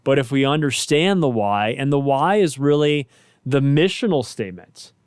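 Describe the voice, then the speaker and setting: A man's voice: medium pitch, expressive, normal speed, smooth, no echo, studio quality. A man who is a pastor and co-host, speaking in a reflective, conversational way about finding purpose. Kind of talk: casual faith talk.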